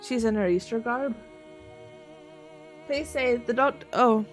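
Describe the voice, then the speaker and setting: While streaming a game, a Northern Irish woman keeps up a casual chat full of swearing and frequent laughter. She speaks slowly in a slightly high voice, over soft background music.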